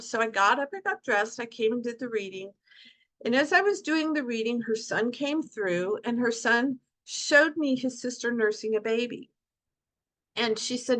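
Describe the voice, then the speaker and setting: A woman's voice: a little high, normal speed, fairly bright tone. Passionate middle-aged woman sharing her story. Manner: passionate, heartfelt, storytelling with quoted asides. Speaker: guest speaker at support group. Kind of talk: emotional personal talk to an online group.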